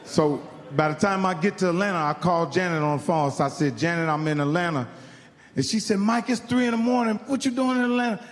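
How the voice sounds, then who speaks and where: A man's voice: high-pitched, fast talker, big-room sound. A man from Indiana doing stand-up, telling a profane story and acting out the other people in it. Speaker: stand-up comedian. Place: live comedy venue.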